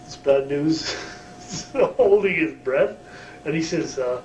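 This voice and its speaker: A man's voice: a little high, animated, slow, a little mellow. A man, a former wrestler, telling a backstage story in a shoot interview, profane and chuckling. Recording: roomy distant mic, faint hum.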